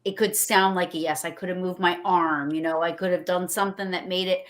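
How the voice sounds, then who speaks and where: Woman, lower-pitched, casual livestream guest; excitable, rambling storyteller who acts out quotes. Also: brisk.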